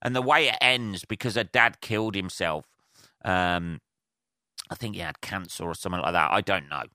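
A man on his own podcast, ranting in a loose, swear-heavy ramble full of restarts. His voice is lowish, bright and crisp, recorded dry and close on a handheld recorder. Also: moderate pace, dry recording. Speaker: podcast host. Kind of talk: casual solo rant. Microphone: handheld portable recorder.

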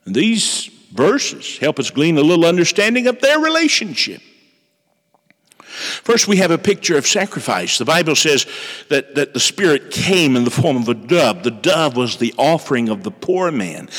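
Expressive male preacher in a reverberant hall. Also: moderate pace. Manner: storytelling, dramatic shifts in pitch and pace. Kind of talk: sermon.

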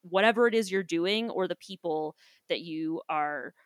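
A woman co-hosting a podcast in casual chat, telling animated stories and acting out the people in them, with some casual swearing. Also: on the low side, moderate pace, no room sound, clean studio sound. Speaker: podcast co-host.

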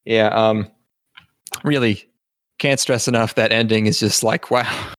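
Low-voiced man chatting on a dry mic. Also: fairly even intonation, a little slow, fairly bright tone, no echo. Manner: laughs often, loose and rambling. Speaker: podcast co-host. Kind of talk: casual chat.

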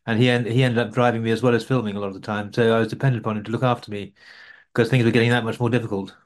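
Brit guy talking fast about his road trip, keeps restarting sentences, chatty interview. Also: medium pitch, little pitch movement. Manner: rambling, with frequent restarts and repeated words. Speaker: overland traveller being interviewed. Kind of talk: conversational interview answers.

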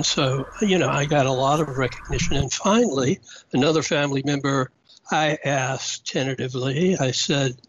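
A man from the South, telling a long story as an interview guest. He talks in a hesitant, rambling way, pausing often and adding dry asides. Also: mid-range voice, a bit bright. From Georgia, US South. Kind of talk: conversational storytelling. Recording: dull, slightly muffled sound with faint noise.

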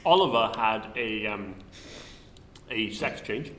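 Excitable swearing man. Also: fairly low pitch, slow pace, roomy sound. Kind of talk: improvised comedy banter.

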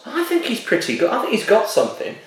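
A man's voice: high voice, wildly swooping pitch, quick pace, a bit bright. A man, chatting casually as a podcast co-host, with dry, jokey banter. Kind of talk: casual chat. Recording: echoey room, distant mic.

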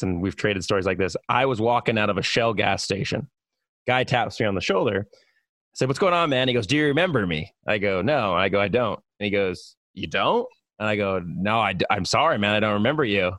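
A man's voice: fairly low pitch, quick pace, fairly bright tone, dry recording, clean studio sound. A man telling a rambling story in casual chat, full of fillers and swearing. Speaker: radio personality.

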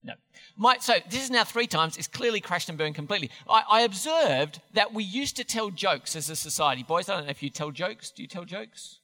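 A man's voice: sits high, lively intonation, brisk, sharp tone, long reverb tail. A man preaching a sermon in a church, chatty and self-deprecating, often restarting his sentences. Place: church hall.

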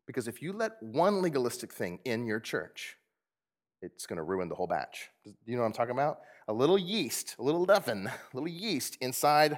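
A man's voice: mid-range voice, brisk. A man preaching a conversational sermon, laughing often and asking his congregation rhetorical questions. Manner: animated, conversational, with frequent laughs. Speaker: pastor.

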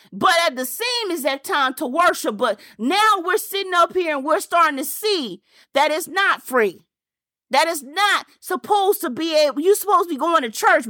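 With a high, slightly bright voice, this woman pastor delivers a fervent, folksy sermon full of repetition and rhetorical questions, using Southern-style phrasing such as y'all and ain't. The recording is dry with clean studio sound.

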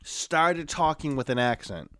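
A man's voice: fairly high pitch, a little slow, no room sound, studio quality. A man co-hosting a podcast in casual chat, jokey and riffing on tangents. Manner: jokey, wildly expressive, riffing. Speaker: podcast co-host.

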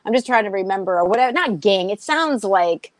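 A woman's voice: mid-range voice, a little fast, no echo. A young woman comedian with a Boston-area accent, chatting in an interview and telling sarcastic stories, acting out the voices of the people in them. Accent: Boston-area American. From Massachusetts, USA. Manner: animated storyteller, acts out voices, sarcastic. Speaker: comedian guest. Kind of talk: casual interview chat.

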